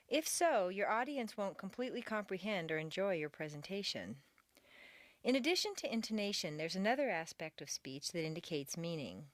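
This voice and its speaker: A woman teaching a recorded pronunciation lesson, reading example sentences slowly and deliberately with exaggerated intonation for learners to repeat. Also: medium pitch, sing-song, dry recording. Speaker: accent training instructor.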